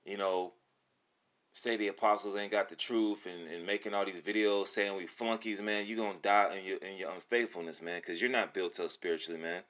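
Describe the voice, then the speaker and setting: A man preaching casually and excitedly with streetwise slang and frequent swearing, reading scripture between remarks. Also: low-pitched, brisk. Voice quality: profane, slangy speech. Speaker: religious video presenter. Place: Atlanta.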